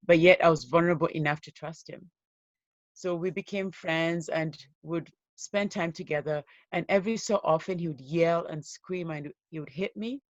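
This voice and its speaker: Woman guest telling her own story, earnest and steady, kinda dull dry audio. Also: low-pitched, normal speed, dry recording. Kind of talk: personal story told in an interview.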